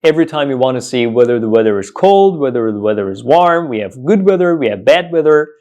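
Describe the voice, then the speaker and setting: A man teaching English pronunciation in an online lesson, repeating each word several times with slow, emphatic drilling. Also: medium pitch, animated, a little mellow.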